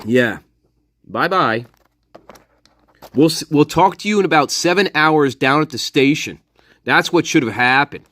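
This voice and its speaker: Fairly high-voiced male commentator, sarcastic and profane, sound dry and close. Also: normal speed, a bit bright, no echo. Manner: heavy swearing, repeats himself for emphasis; sarcastic, mocks others in put-on voices. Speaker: true-crime commentator. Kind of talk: angry, profane live commentary.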